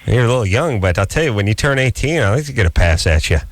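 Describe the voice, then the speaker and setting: A sarcastic male radio co-host whose pitch jumps around a lot as he riffs. He jokes crudely and fast with callers in loose banter. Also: expressive, a little hiss or hum. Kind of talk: irreverent call-in banter.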